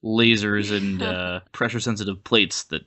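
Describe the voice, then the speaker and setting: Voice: low voice, fairly even intonation, moderate pace, bright, forceful tone. A comedy podcast co-host riffing playfully with jokes and asides. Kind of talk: casual podcast chat.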